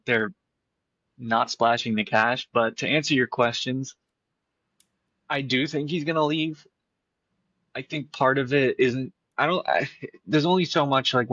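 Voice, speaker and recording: A man's voice: mid-range voice, measured pace, a bit bright, no room sound, dull audio. A man co-hosting a casual football podcast, thinking aloud and repeating words as he builds a point. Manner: thoughtful, repeats words while forming a point. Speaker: podcast co-host.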